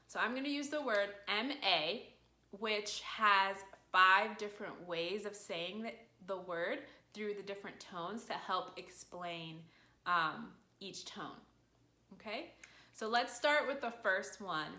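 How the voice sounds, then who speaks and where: Slow, bright-voiced woman teaching. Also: medium pitch. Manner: patient, encouraging, demonstrates tones clearly. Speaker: language teacher. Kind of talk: friendly online language lesson. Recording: echoey room.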